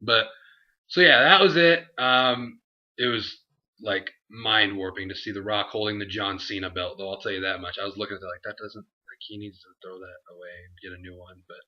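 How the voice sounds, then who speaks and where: A young man co-hosting a casual review chat, animated and laughing, acting out what others said. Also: on the low side, fairly quick. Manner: animated, acts out quotes, laughs often. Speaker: show co-host. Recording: dull lo-fi home recording.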